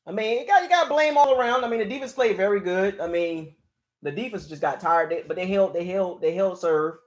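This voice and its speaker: A man's voice: high-pitched, fairly quick. A man hosting his own channel, ranting in frustration as he reacts live to a game. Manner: frustrated, exasperated, repeats "man" and "dog". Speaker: sports fan channel host.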